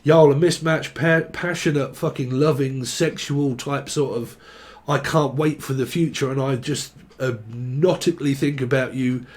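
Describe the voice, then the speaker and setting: A man's voice: mid-range voice, fairly even intonation, unhurried. A young man giving a casual tarot reading, joking, rambling and swearing freely. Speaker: tarot reader.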